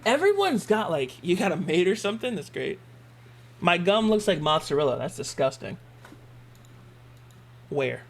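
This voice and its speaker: A man's voice: sits high, big pitch swings, moderate pace, creaky, pauses often. A young man hosting a live stream, chatting casually and joking with laughs and mock outbursts. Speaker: streamer host.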